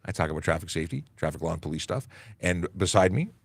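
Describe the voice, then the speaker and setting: A man's voice: sits low, expressive, fast talker, vocal fry, slightly rough, dry recording. A man, a police constable, hosting a casual livestream Q&A, reading viewer comments aloud and joking with many fillers. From Canada. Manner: chatty, jokey, reads chat aloud with many fillers.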